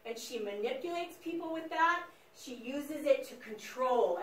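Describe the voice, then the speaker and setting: A woman teacher lecturing her class in an animated, chatty way, speaking straight to the students. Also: high voice, unhurried, hardly any pauses, slight background noise. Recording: echoey classroom, mic far off.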